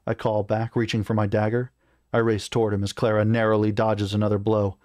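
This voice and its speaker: A man reading a fantasy novel aloud in steady first-person narration, with a few small stumbles. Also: fairly low pitch, a little fast, no room sound, studio quality. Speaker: reader of a novel.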